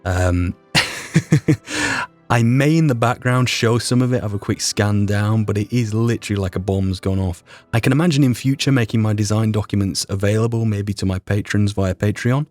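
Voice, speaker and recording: A man's voice: on the low side, moderate pace, a little mellow, no echo, faint music behind. A young man with a Yorkshire accent, hosting a casual podcast retrospective in a rambling, self-deprecating way with mild swearing. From Yorkshire, England. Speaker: podcast host and mod creator.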